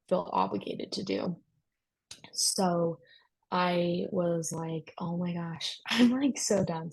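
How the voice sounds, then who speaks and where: Young woman guest, low and husky with some fry, candid and casual, lots of fillers. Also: darkish tone, low-quality recording. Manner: candid, talks in bursts with many fillers. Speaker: guest sharing her story. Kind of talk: casual personal storytelling.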